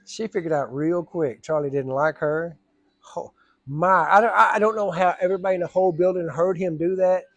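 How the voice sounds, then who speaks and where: A man's voice: high voice, fairly quick, no room sound. A man, telling a rambling, casual story and acting out the voices of the people in it. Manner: rambling, drawling Southern storyteller, acts out voices. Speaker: storyteller vlogger.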